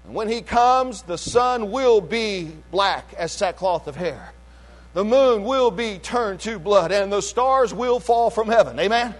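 High-voiced man preaching in a hall. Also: lively intonation, measured pace. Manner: swings from loud shouting to low quiet passages; call-and-response preaching. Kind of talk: sermon. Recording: long hall reverb.

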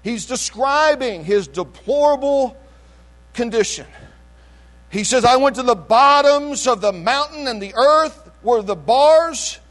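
A man preaching a sermon in a call-and-response style, swinging between shouted lines and low, quiet passages. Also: animated, unhurried. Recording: long hall reverb.

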